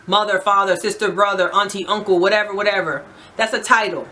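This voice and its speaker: Her voice is mid-range and steady as she speaks briskly and naturally loud to camera. A vlogger from New Jersey with a New Jersey accent, she hands out emphatic, direct life advice and checks in with "right?" a lot.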